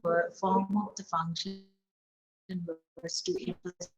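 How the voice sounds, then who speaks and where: A woman's voice: mid-range voice, little pitch movement, a little slow, muffled recording. A woman teaching an online English class, explaining step by step, often saying 'okay, so' and repeating example sentences aloud.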